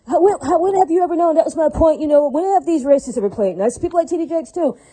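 A woman rants alone in an unscripted monologue, swearing freely and repeating herself, constantly asking "right?" and "does that make sense?" to check her listeners follow. Her voice is high-pitched, fast and mellow, and the recording is rough.

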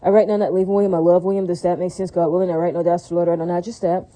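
A woman's voice: fairly low pitch, level tone, racing, warm tone, rough recording. A woman in a rambling casual monologue, preachy and full of religious phrases, often asking "does that make sense".

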